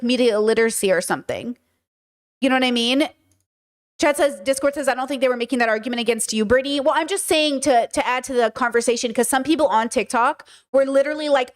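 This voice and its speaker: A woman hosting a livestream, chatting casually and animatedly with her chat, often repeating herself. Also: high voice. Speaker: livestream host.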